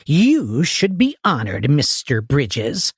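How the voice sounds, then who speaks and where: A man voicing an abrasive old woman who stays coldly polite, cordial in tone but never warm. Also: low-pitched, very animated, takes it slowly, husky, no echo, clean studio sound, full character voice. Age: older. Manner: cordial tone with icy undertone.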